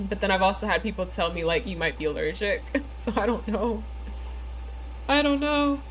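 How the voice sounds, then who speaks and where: A woman's voice: medium pitch, normal speed, slight background noise. Chatty woman streamer with a sore tongue. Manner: chatty, lots of "like" and "you know". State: sore bitten tongue, slightly slurred speech. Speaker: livestream gamer. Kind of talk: casual live-stream chat while playing.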